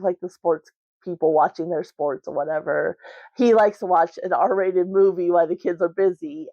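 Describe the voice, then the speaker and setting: A woman's voice: lowish voice, darkish tone, dry recording. A woman vlogger chatting casually about a book at home, rambling with lots of "like" and "um". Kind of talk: casual book review chat. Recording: dry, slightly muffled recording.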